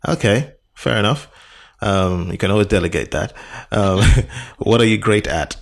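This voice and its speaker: A man with a deep, low-set voice hosts a casual podcast interview. He talks in an upbeat, relaxed way and often repeats words for emphasis. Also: normal speed, creaky. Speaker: podcast host.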